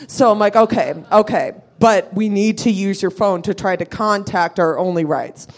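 A woman's voice: mid-range voice, moderate pace, hardly any pauses, a little hiss or hum. A woman telling a rowdy, profane story at a live show, acting out her friends' voices as she goes. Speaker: storyteller guest.

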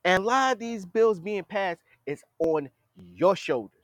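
A man with a high, very animated voice delivers a blunt political commentary monologue. He talks straight at the leaders he criticizes, in a scolding tone. The sound is dry and close. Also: a little slow, no room sound. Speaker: podcast host.

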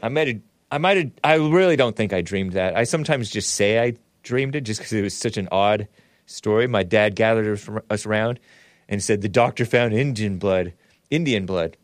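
A man's voice: fairly low pitch, a little fast, no echo, studio quality. A man hosting a livestream talk show, reading viewer messages aloud and chatting in a rambling, chuckling way. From United States.

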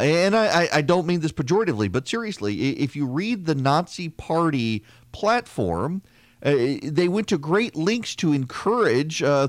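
A man's voice: a little high, dry recording. Opinionated man hosting a political podcast. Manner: opinionated, conversational, with frequent restarts and asides. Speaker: podcast host. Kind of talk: political commentary monologue.

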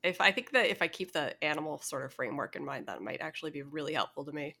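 A woman's voice: low-pitched, lively intonation, fast talker, pushed and bright. Laid-back woman in podcast chat. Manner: laid-back, agreeable, laughs often.

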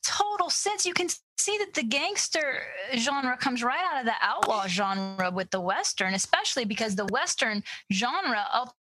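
A woman in a casual book discussion who jumps in quickly and eagerly with her points. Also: fairly high pitch, sing-song, pushed and bright, no room sound, rough recording.

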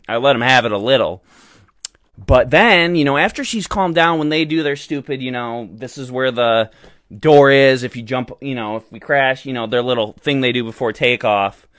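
A man's voice: medium pitch, fairly bright tone, no room sound, studio quality. A young man hosting a podcast, telling a story in a rambling, indignant rant full of fillers. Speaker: podcast host. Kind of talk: casual storytelling monologue.

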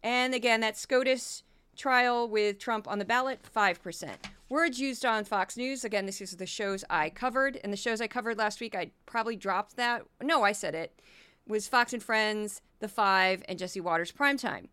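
A woman hosts a media commentary podcast from a home studio. Her voice is bright and smooth, a touch high, and she reads through lists of numbers in a brisk, wry manner. The close mic sounds very dry. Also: no echo. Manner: brisk, wry, rattling off figures. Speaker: podcast host.

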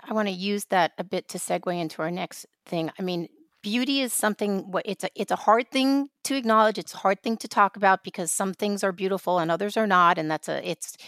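A woman's voice: lowish voice, no room sound, studio quality. A woman from New York co-hosting a podcast, telling a personal story in casual conversation with lots of restarts. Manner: storytelling, animated, many restarts. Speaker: podcast co-host.

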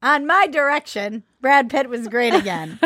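High pitched woman podcast host, giggly, jokey, dead dry mic. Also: lively intonation, unhurried, no room sound. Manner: laughing often, jokey, swings into loud mock squeals. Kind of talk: casual chat.

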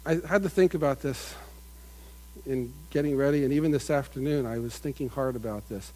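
A middle-aged man preaching a sermon in an earnest manner, building to loud emphatic peaks and dropping to quiet asides. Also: mid-range voice, brisk, rough recording. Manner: earnest, builds up with rising emphasis, mimics crowd voices.

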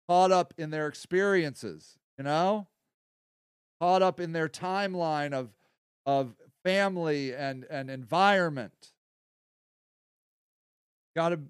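A man hosting a podcast in a casual monologue, rambling and blunt, often profane, going from quiet asides to heated stretches. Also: fairly high pitch, clear, resonant tone, no room sound, clean studio sound. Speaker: podcast host.

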